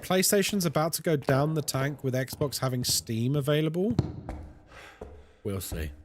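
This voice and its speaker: A young man streaming a horror game, chatting with his viewers in a jokey, animated way. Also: a little high, measured pace. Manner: animated and chatty, reads chat aloud, jokey asides. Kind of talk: casual live-stream chat while gaming.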